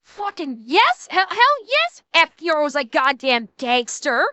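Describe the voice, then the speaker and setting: A woman streamer reacting live to a video, swearing loudly and breaking into helpless laughter. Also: sits high, very animated, unhurried, dry recording. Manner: profane, loud exclamations and helpless laughter.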